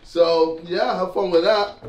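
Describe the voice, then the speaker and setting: Slow, teasing young man. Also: high voice, steady tone, muffled recording. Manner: slow, teasing, laid-back. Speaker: group member giving the outfit. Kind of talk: casual banter. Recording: roomy indoor sound with faint noise.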